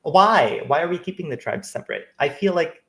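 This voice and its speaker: A man's voice: on the high side, animated, fairly quick, pushed and bright, echoey room. A man joining a podcast as a guest in casual chat, making wry, questioning asides.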